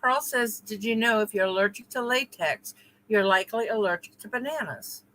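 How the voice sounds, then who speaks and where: A relaxed woman co-hosting a live chat, reading viewer comments aloud in a bright, sharp-edged voice. Her talk is easygoing, with a faint hiss underneath. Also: mid-range voice, moderate pace, rough recording. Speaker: live show co-host. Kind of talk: casual chat between friends.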